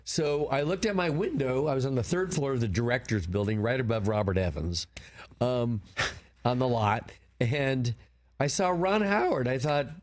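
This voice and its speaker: Older male guest, mid-pitched, rambling storyteller in an interview. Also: moderate pace. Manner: rambling anecdotes, animated quoting. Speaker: film producer, guest. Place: broadcast studio.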